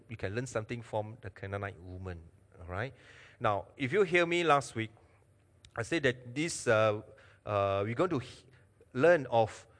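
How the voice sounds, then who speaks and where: A man preaching a sermon to a congregation, animated, asking them questions and joking. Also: mid-range voice. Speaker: pastor. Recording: long hall reverb.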